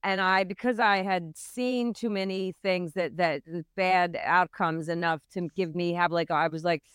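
A woman's voice: fairly low pitch, fairly even intonation, a little slow, a bit bright, clean tone, dry recording, clean studio sound. A middle-aged woman, a midwife, earnestly telling her own hard birth story as an interview guest. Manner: earnest, intense retelling of a hard memory. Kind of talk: personal storytelling in a podcast interview.

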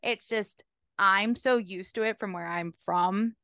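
Smooth-voiced chatty woman podcaster. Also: medium pitch, sharp tone, no echo, studio quality. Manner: chatty, agreeable, quick to laugh. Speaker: podcast co-host. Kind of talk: casual chat about reality TV.

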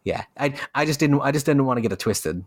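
A man co-hosting a casual podcast about a rap album, animated and prone to swearing and mocking put-on voices while he rants. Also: medium pitch, fast talker, no echo. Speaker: podcast co-host.

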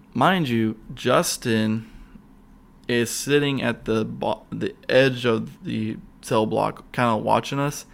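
A man recounts a paranormal investigation in a loose, excitable ramble. His voice carries a gravelly rasp at a middle pitch, and he trips over restarts and fillers as the story tumbles out. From Florida. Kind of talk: casual ghost-hunt storytelling.

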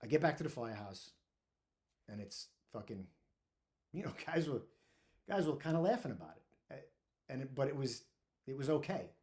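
A man telling his own firehouse story in a blunt, profane, animated way, full of restarts. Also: medium pitch, moderate pace, pauses often. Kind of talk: casual storytelling monologue.

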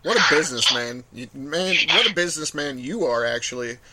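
A man's voice: fairly high pitch, animated, fairly quick, bright, forceful tone, slight background noise, rough recording. A man co-hosting a casual podcast who teases dryly and laughs often. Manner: dry teasing, laughs often. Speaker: podcast co-host. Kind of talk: casual chat.

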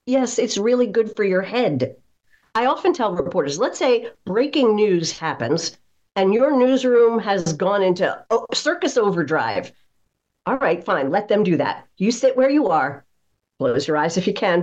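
A middle-aged woman, a voice coach, giving tips in an interview in an animated, playful way and acting out small quoted lines. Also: mid-range voice, normal speed, highs cut off. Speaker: voice coach, guest.

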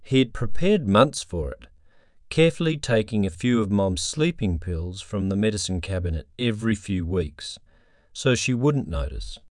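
A man narrating a scripted story in a solemn, measured way on a close mic. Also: lowish voice, animated, darkish tone, no room sound.

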